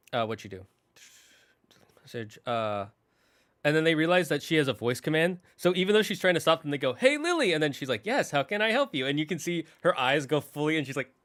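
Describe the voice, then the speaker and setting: A man hosting his channel, casually retelling a movie's story in an animated way, often restarting his sentences. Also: medium pitch. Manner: animated, restarts often, slips into quick character voices. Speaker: channel host.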